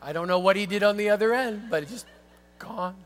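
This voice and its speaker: A man preaching a sermon as pastor, telling a story in an animated way that swings from hushed to excited. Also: high-pitched, fairly quick, soft background music.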